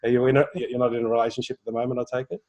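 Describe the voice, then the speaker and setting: A man's voice: mid-range voice, flat delivery, rapid-fire, darkish tone, highs cut off. A middle-aged man coaching a client in a live intuitive reading, telling stories earnestly and acting out his own inner voice. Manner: earnest, reflective storytelling with quoted inner speech.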